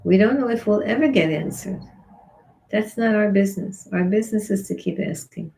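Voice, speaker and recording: A woman giving a Torah class on Psalms in an earnest, expressive way, acting out back-and-forth dialogue with God. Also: medium pitch, normal speed, gravelly, low-quality recording. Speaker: rebbetzin teaching Psalms.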